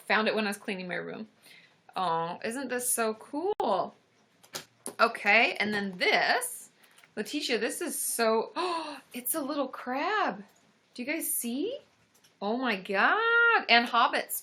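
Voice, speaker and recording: A woman therapist hosting a casual livestream, excitable and gushing, full of gasps and exclamations. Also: medium pitch. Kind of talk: casual live-stream chat.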